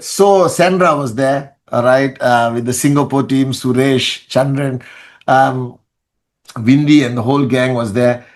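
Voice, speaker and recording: A man leading a network marketing team, talking live to followers around the world in an energetic, chatty way, with fillers and restarts. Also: medium pitch. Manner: energetic, greets viewers in many languages. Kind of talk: live-stream address to followers.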